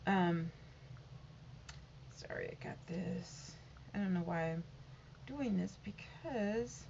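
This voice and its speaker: A woman's voice: medium pitch, steady tone, slow pace, creaky, long pauses, darkish tone, muffled recording, a little hiss or hum. A woman vlogging from home, reading out statistics in a rambling, casual way and often stumbling over and correcting the numbers. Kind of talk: casual update reading figures aloud.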